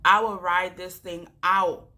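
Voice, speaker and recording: A young woman from Jamaica telling a story to her vlog audience in a chatty, slangy way. Her voice is bright and forceful and sits a little low. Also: flat delivery, slow. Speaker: vlogger.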